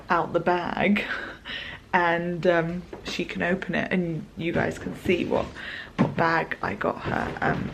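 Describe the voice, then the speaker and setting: A young woman, chatting excitedly and rambling as she vlogs to camera. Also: lowish voice, gravelly, noisy background. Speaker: vlogger. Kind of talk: casual vlog talk to camera.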